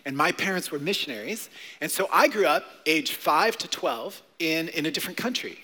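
Bright, high-voiced man preaching. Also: normal speed. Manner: animated, playful, leads the congregation in song. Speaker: pastor. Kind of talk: sermon. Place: church sanctuary. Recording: long hall reverb.

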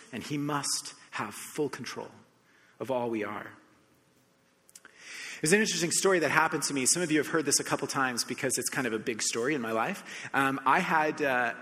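A man from the United States preaching a sermon, telling a personal story with animated shifts between soft reflection and excited emphasis. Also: mid-range voice. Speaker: pastor. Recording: long hall reverb.

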